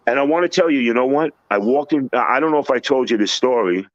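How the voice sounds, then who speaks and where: A man telling blunt, animated stories in casual talk and acting out the people he quotes. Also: mid-range voice, fast, no room sound. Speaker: storyteller host. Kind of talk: casual storytelling. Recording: dry, dull lo-fi recording.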